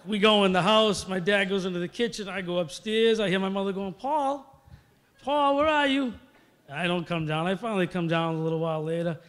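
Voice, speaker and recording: A middle-aged man tells rambling stories into a podium microphone, full of fillers and restarts. His voice sits a bit high for a man. A long reverb from the big hall trails each phrase. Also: fairly even intonation, fast talker, few pauses, fairly bright tone, clean tone. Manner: rambling, storytelling, many fillers. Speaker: hall of fame inductee. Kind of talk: acceptance speech.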